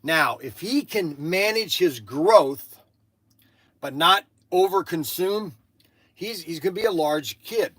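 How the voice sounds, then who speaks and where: Older man, livestream host, rambling casual chat, halting restarts, somewhat high voice, dry close sound. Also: animated, a bit bright, no echo. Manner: halting, with many restarts and asides.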